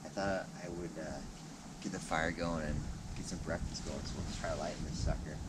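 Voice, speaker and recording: A man's voice: low voice, little pitch movement, normal speed. A man casually narrating his camping trip in an easygoing, chatty way, recorded outdoors at a riverside campsite. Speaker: vlogger. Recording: loud wind and outdoor noise.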